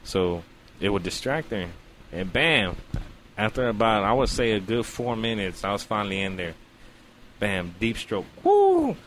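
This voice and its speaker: A man co-hosting a casual talk show, telling a story in an animated, profane way and acting out his own reactions. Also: on the low side, normal speed, slight background noise. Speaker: podcast co-host.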